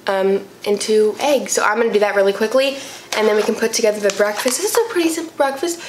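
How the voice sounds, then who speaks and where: A woman's voice: medium pitch, fast talker. A young woman in her twenties chatting casually to camera as a vlogger, with plenty of fillers. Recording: echoey room with faint noise.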